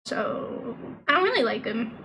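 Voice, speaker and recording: A woman's voice: a little high, very animated, measured pace, vocal fry, pushed and bright, a little hiss or hum, low-quality recording. A young woman streaming a game, chatting casually and rambling with lots of fillers and restarts. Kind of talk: casual gameplay stream chat.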